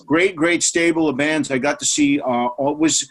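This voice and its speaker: A man's voice: on the high side, fairly even intonation, normal speed. A man hosting a casual interview, adding short affirmations and brief asides. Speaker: host.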